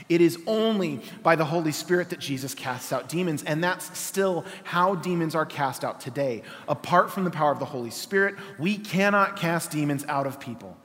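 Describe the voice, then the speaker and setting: A man's voice: fairly high pitch, normal speed, a bit bright, long reverb tail. A man preaching a sermon, reading scripture aloud and pressing his points with emphatic rhetorical questions.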